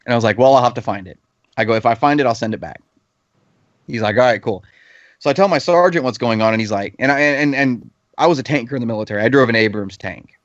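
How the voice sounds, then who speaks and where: A man's voice: medium pitch, quick pace, no room sound. A man in his thirties, a podcast panelist telling a heated anecdote in casual chat, swearing freely. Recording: slightly dull lo-fi podcast audio.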